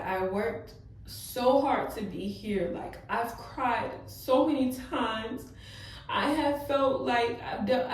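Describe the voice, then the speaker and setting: A woman's voice: mid-range voice, distant mic, a little hiss or hum. Chatty young woman in an echoey room. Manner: casual, emotional, lots of fillers like "yo, like". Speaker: vlogger. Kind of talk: heart-to-heart vlog talk.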